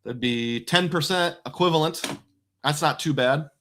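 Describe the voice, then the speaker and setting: A man's voice: on the high side, moderate pace, fairly bright tone, slight background noise. A man hosting a casual livestream about credit cards and bank bonuses, talking in a chatty, rambling way with many asides. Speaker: personal finance host.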